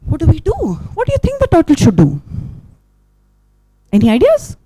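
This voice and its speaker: A woman telling a story to children at a live event, animated, full of sound effects, who keeps asking her audience questions. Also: very high voice, moderate pace, no echo.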